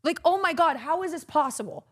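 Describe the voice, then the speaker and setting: A woman's voice: extremely high pitch, brisk. A young woman from Texas telling a long story in casual chat, acting out every quote and swearing freely. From Corpus Christi, Texas. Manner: animated, acts out quotes, swears a lot.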